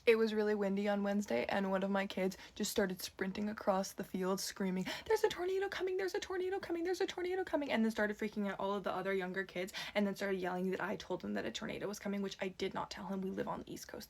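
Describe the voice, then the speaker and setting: A young woman working as a camp counselor tells funny stories in a casual vlog, lively and laughing between anecdotes. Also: fast talker, gravelly, few pauses. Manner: animated, jumps high when quoting others.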